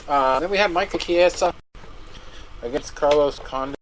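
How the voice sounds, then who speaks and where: A man co-hosting a casual show, recapping fights with animated, laughing, swearing talk. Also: a little high, normal speed, slight background noise, rough recording. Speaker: co-host.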